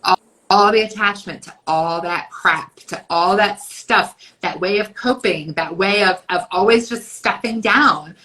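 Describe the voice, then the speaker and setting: A woman in her fifties co-hosting a casual podcast chat, talking bluntly and emphatically, swearing freely and acting out inner voices in quick asides. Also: medium pitch, pushed and bright, rough recording. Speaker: podcast co-host.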